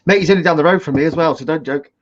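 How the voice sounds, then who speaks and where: A man from the United Kingdom chatting on a livestream video call, energetic and quick to banter. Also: fairly high pitch. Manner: energetic, plugging, laughing banter. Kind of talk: casual livestream chat. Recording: dull lo-fi call audio.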